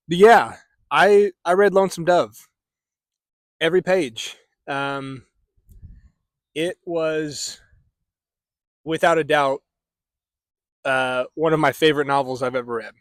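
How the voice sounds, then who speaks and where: A man's voice: fairly high pitch, a little slow, long pauses, dry recording, studio quality. A young man from the middle of the United States, rambling through a casual book review at home with many fillers and restarts. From central United States.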